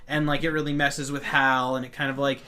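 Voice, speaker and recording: A man's voice: mid-range voice, flat delivery, a little fast, pushed and bright. A man co-hosting a casual nerd podcast, rambling through comic-book talk with lots of fillers. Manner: rambling, filler-heavy, acts out quotes. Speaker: podcast co-host.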